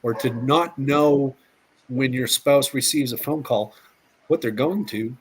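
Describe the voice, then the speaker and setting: A man's voice: mid-range voice, measured pace, slightly rough. A middle-aged man, a police officer, telling stories as an interview guest, often repeating words and acting out quotes. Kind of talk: casual storytelling interview.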